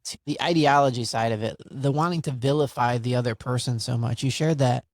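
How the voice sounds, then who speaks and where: A man's voice: medium pitch, a little fast, no echo, clean studio sound. Thoughtful male podcast host. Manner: thoughtful and reflective, thinking aloud with many "like"s. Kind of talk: casual podcast conversation.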